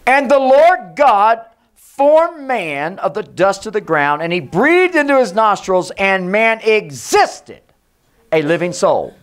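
Man, pastor, fiery sermon, high voice, call and response, church sanctuary. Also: very animated, slow pace, clear, resonant tone. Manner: emphatic preaching that swings from hushed to shouted; leads the congregation in call and response.

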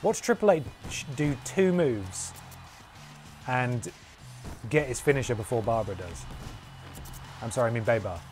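A man's voice: mid-range voice, lively intonation, measured pace, pauses often, a little mellow, faint music behind. A man streaming a wrestling game, calling the action as mock commentary with a playful, jokey manner. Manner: playful, jokey, breaks into humming and sound effects.

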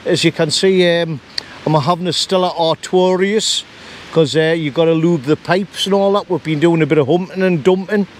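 A man's voice: on the high side, moderate pace. An easygoing man chatting at a windy woodland camp. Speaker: camping companion. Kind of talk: casual chat to camera.

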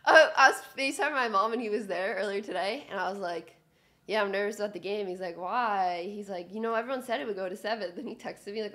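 A young woman giving a chatty live reaction to a hockey game as a fan, excitable and cheering loudly. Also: mid-range voice. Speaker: sports fan streamer.

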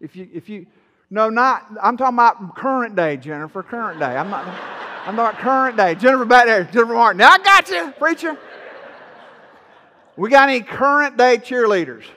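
A man preaching with a high, ringing tone, his bright and forceful delivery carried through a church. He is folksy and playful, teasing his listeners between points. The sound trails off in the long reverb of a big sanctuary. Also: lively intonation, fairly quick. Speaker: pastor. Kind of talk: sermon.

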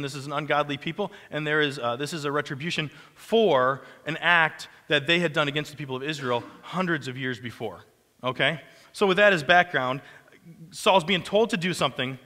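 Bright-voiced pastor preaching in a church. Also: male voice, on the high side, in a large hall. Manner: conversational, with asides and self-corrections. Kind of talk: sermon. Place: church sanctuary.

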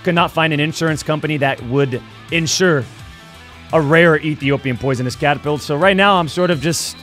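A man in his thirties streaming games live, talking with brash theatrical swagger and sudden shouting bursts. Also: fairly high pitch, a little fast, soft background music.

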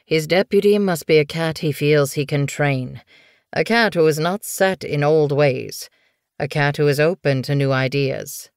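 Slow and raspy, a grim old male cat healer issues his cryptic orders in a low, deliberate growl, as a woman narrator puts him on. He sounds commanding and ominous, with no roominess at all. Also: darkish tone, no room sound, studio quality.

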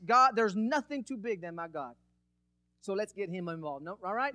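A man preaching a lively sermon as pastor, calling out to the congregation and acting out a demonstration. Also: high-pitched, normal speed, no echo, studio quality. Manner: energetic, calls out to congregation. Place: church.

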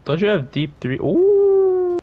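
A man's voice: extremely high pitch, huge pitch swings, slow, phone-quality sound. A young man chatting casually while gaming, directing his teammates and swearing. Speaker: gamer.

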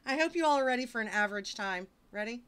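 A woman's voice: a little high, animated, fast, a bit bright, clear, resonant tone. A woman streamer reading fiction aloud on a casual livestream, breaking off for wisecracking, mock-exasperated asides.

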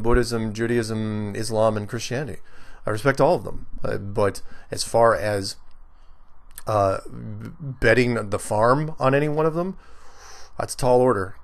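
A man's voice: mid-range voice, gravelly. A middle-aged American man hosting a casual solo podcast, reading out listener emails and rambling through his answers with lots of fillers and restarts. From United States.

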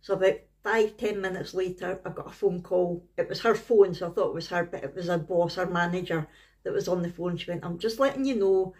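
A woman's voice: on the low side, fairly quick, darkish tone. A middle-aged woman with a Scottish accent talks straight to camera in a home vlog. She tells her story in a chatty, rambling way, like she is catching up with a friend. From Scotland. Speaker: family vlogger. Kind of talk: casual talking-to-camera vlog.

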